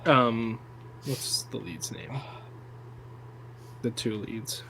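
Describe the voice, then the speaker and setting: A young man co-hosts a casual film chat in an even mid-range voice. He rambles with enthusiasm and swears freely. A faint hum sits under the recording. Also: medium pitch, very slow, low-quality recording. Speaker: podcast co-host.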